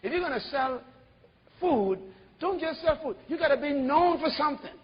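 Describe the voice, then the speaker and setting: A man preaching an animated sermon as pastor, full of rhetorical questions. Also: very high voice, moderate pace, big-room sound, highs cut off.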